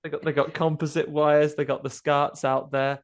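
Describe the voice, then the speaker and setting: A man, a podcast host, casually recapping a horror film with jokes and quick voices for the characters. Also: on the high side, level tone, slight background noise. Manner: jokey recapping, acts out characters in quick asides.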